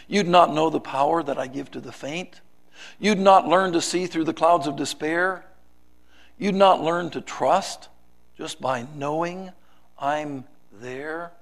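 A man preaching in an unhurried, measured sermon voice with a gravelly edge. His delivery is dramatic, rising to loud pleading and then dropping to hushed softness. His pitch sits a little higher than most men's. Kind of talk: sermon with a recited poem.

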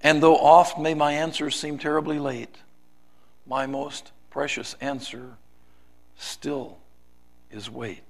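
A man preaching in an unhurried, measured sermon voice with a gravelly edge. His delivery is dramatic, rising to loud pleading and then dropping to hushed softness. His pitch sits a little higher than most men's. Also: level tone. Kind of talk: sermon with a recited poem.

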